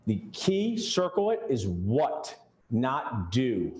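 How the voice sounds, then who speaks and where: Taking it slowly, a man with a medium-pitched, slightly mellow voice and big pitch swings leads a dental practice workshop. He jokes and addresses the attendees directly in the event room. The recording has a roomy echo.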